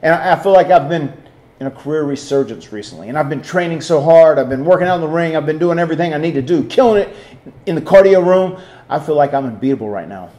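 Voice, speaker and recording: A man in his forties from North Carolina, a wrestler hosting his own video segment, telling stories and hyping an event with an energetic, restarting delivery. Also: fairly high pitch, fast. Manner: energetic, hype-building promo delivery with frequent restarts. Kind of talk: casual promotional monologue and storytelling.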